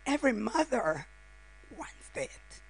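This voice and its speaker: A woman's voice: a little high, big pitch swings, takes it slowly, vocal fry, husky. A middle-aged woman, a grieving mother, delivering a heartfelt funeral eulogy in short, broken phrases. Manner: heartfelt, speaks directly to the mourners.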